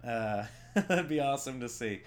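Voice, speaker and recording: A man, a comedian, rambling casually through his own show, voice lowered by a cold, chatty and jokey, laughing at his own bits. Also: expressive, normal speed.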